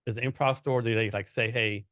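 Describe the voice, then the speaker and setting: A man's voice: medium pitch, steady tone, fairly quick, a bit bright, no echo, clean studio sound. A man hosting a casual interview podcast, asking meandering questions full of fillers. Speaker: podcast host.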